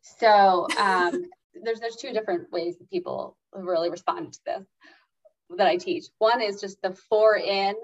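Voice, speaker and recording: A woman talking casually as a guest expert on calming anxiety, with many fillers and acted-out inner voices. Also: mid-range voice, unhurried. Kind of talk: casual interview talk. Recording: slightly dull lo-fi sound.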